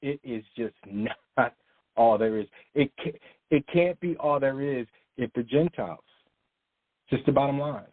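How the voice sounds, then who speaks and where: A man preaches in an emphatic, informal way and reads scripture aloud to his channel. His voice is husky and sits at an ordinary male pitch. The sound is dry and narrow, like a phone call. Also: unhurried, no room sound. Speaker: online teacher of a channel. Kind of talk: sermon with scripture reading.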